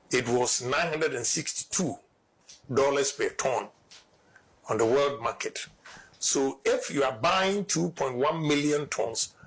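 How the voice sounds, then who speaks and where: A man's voice: mid-range voice, a bit bright, husky. A man explaining figures step by step in a played clip. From Ghana.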